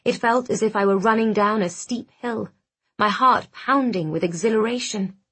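A woman reading a first-person romance novel aloud, with soft, intimate narration and acted dialogue. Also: on the high side, moderate pace, breathy edge. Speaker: audiobook narrator.

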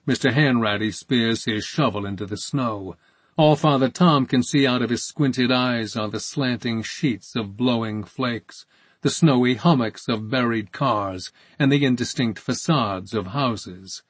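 A man reading a story aloud in a measured, calm narration. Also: mid-range voice, breathy edge, no echo. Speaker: audiobook narrator. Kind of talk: scripted narration.

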